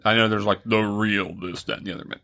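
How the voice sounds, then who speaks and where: A man's voice: on the low side, steady tone, fast talker, bright, forceful tone. A man co-hosting a podcast in casual chat, easygoing and teasing, reading out film facts. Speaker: podcast co-host.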